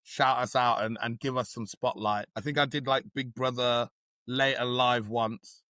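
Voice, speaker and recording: A man in his thirties from Birmingham, speaking as a podcast guest with a low husky voice, animated and teasing in casual chat. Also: normal speed, dry recording. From Birmingham, England. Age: 30s. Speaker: guest, drag performer.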